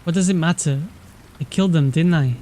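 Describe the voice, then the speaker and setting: A man voicing a frightened, remorseful teenage boy in a story game, speaking haltingly and stammering. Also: a little high, mellow, a little hiss or hum, close to an everyday voice. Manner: halting, stammering, full of self-blame.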